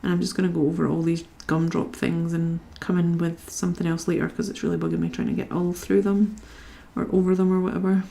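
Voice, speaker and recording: A woman's voice: fairly low pitch, level tone, fast talker, vocal fry, hardly any pauses, mellow. A young woman from Scotland chatting casually to her live-stream viewers while she colours, reading out their comments and talking to herself as she works.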